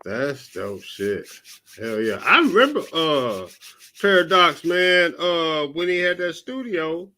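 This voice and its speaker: A man's voice: sits high, big pitch swings, measured pace, pushed and bright, no echo. A man hosting a casual interview, laid-back and affirming in his slang. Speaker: podcast host.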